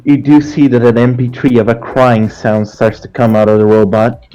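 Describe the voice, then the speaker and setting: A man's voice: mid-range voice, flat delivery, moderate pace, mellow, lo-fi sound, faint music behind. A man narrating a tabletop game as game master, in a dry, matter-of-fact way.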